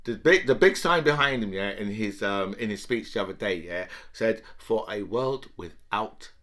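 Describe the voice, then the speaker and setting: A man's voice: lowish voice, normal speed, bright, forceful tone. A man giving heated political commentary. He talks emphatically, swears, and keeps asking "right?".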